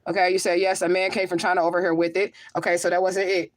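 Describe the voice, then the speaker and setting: A woman's voice: on the low side, flat delivery, quick pace. A woman hosting a casual livestream, reading viewer comments aloud and answering them in an emphatic, rhetorical way, often asking "okay?". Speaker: livestream host and spiritual medium.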